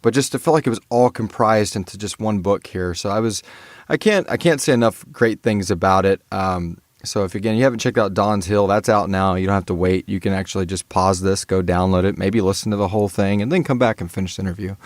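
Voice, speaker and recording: A male podcast host speaks in a somewhat low register, rambling and restarting as he chats with his guest. The sound is dry and close. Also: no room sound. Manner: rambling, halting, many restarts and praise. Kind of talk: casual interview chat.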